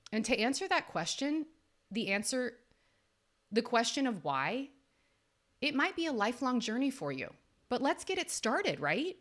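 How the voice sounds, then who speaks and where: A woman in her thirties hosts a faith-based coaching podcast. Her voice is bright and lively, and it jumps up for emphasis as she speaks earnestly to her listeners. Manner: earnest and emphatic, with sudden rises in pitch. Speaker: podcast host and life coach. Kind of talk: faith-based motivational talk.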